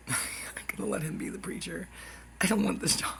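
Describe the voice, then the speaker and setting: A woman's voice: medium pitch, fairly even intonation, moderate pace, vocal fry, a bit bright, poor audio. A woman YouTuber talking in a rambling, stream-of-consciousness monologue, jumping between topics and dropping into whispered asides.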